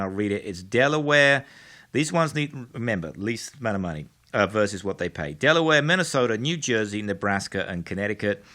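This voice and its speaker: A man's voice: lowish voice, pushed and bright. A man with a Texas accent hosting a political commentary show in a studio, speaking with mock-astonished, theatrical sarcasm.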